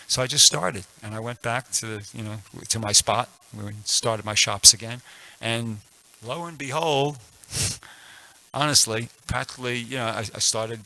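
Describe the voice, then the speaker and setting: A man's voice: medium pitch, fairly even intonation, normal speed, creaky, bright, forceful tone, low-quality recording. A man in his sixties giving a casual scripture class at a temple, telling a personal story with many restarts and fillers. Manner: rambling, frequent restarts and fillers.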